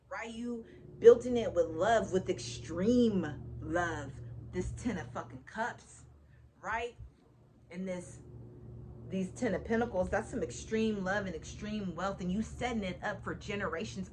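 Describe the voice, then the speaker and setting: A woman's voice: medium pitch, a little mellow, a little hiss or hum. A woman giving a casual tarot reading to her viewers, swearing freely, laughing often and repeating phrases for emphasis. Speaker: tarot reader.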